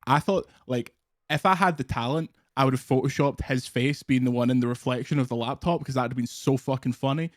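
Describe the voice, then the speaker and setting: A Scottish man chatting casually as a guest co-host, swearing freely and laughing through his jokes. His voice sits at an ordinary middle pitch. It comes across dry and close, with no room sound. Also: no echo. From Scotland. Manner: talks in quick put-on voices to mock people. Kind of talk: casual chat.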